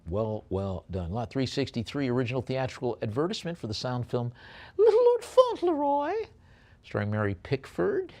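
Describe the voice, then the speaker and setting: An older man with a New York accent running a live auction, calling bids quickly and dropping joking asides between lots. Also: medium pitch, expressive, a little mellow. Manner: chatty, joking asides between rapid bid calls.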